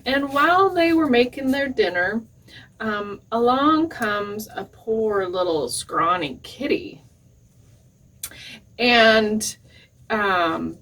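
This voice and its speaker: A woman librarian reads a folk tale aloud at children's storytime, taking her time. Her voice swoops up and down with playful expression, and she stops for little asides to the kids. The sound is slightly husky and comes from a distance, off the mic. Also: fairly high pitch, lively intonation, very slow. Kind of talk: storytime reading.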